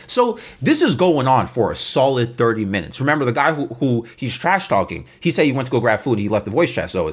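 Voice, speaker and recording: Animated young man telling a gaming story. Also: mid-range voice, brisk, few pauses. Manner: animated, slangy, repeats himself for effect. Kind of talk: casual storytime.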